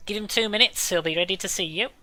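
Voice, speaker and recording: A man's voice: high-pitched, fast, pushed and bright, dry recording, voice pushed up. A man voicing a polite, fussy male halfling secretary in a tabletop game.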